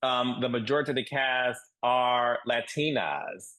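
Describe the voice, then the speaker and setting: A man talking as a guest on a podcast interview, emphatic and animated, repeating points for stress. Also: mid-range voice, measured pace, low-quality recording. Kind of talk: casual interview chat.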